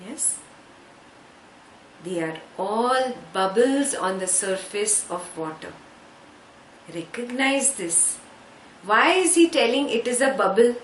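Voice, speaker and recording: A woman teaching a scripture class, patiently explaining Sanskrit words and checking in with listeners. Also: fairly high pitch. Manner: slow, patient, checks understanding with frequent "yeah?". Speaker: spiritual teacher. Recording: echoey room, faint background noise.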